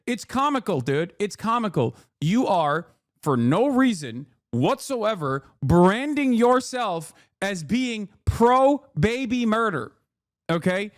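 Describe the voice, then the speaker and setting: A man hosting a stream, giving casual, sarcastic, animated commentary with some cursing. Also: high-pitched, takes it slowly, dry recording, studio quality. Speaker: streamer host.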